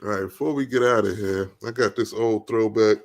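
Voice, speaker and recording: A man's voice: on the low side, a little fast. A man hosting his stream, casually introducing an old clip to his viewers. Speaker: streamer host.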